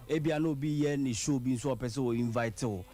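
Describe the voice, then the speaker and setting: Lively Ghanaian man hosting radio. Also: mid-range voice, fast, faint music behind. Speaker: radio show host. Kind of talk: casual radio interview.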